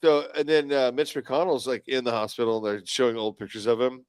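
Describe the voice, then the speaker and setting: A man who co-hosts a podcast and keeps chiming in with deadpan wisecracks. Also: medium pitch, fairly quick, clear, resonant tone, dry recording. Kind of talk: casual podcast chat.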